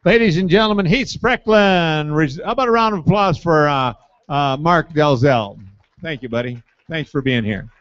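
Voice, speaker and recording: Brief: male emcee, slightly high voice, upbeat announcing, dry muffled sound. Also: normal speed, fairly bright tone, dry recording. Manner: upbeat announcing, rallying the class. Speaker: master of ceremonies. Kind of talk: emceeing a live auction.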